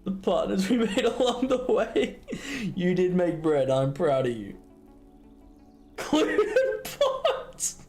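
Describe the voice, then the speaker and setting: Giggly woman streamer, slow delivery, very expressive pitch. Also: soft background music. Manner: giggly, storytelling. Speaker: livestreamer. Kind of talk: casual stream chat.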